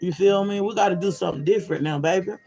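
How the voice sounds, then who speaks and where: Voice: medium pitch, rapid-fire, warm tone, faint music behind, poor audio. A spiritual reader giving a blunt, profane and emphatic pep talk to viewers, often checking in with "you feel me?".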